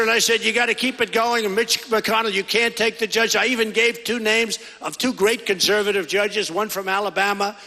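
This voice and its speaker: Speaking into a podium mic in a big indoor rally hall, a middle-aged candidate rambles through a repetitive campaign speech packed with conversational asides. His voice sits high, bright and forceful, and the echoey hall carries a long reverb.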